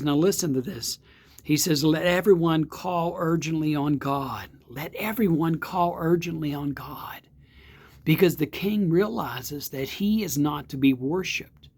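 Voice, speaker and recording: A man, a pastor, giving a devotional sermon in a slow, earnest way with emphatic repeats. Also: a little high. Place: outdoor or home setting, not in church.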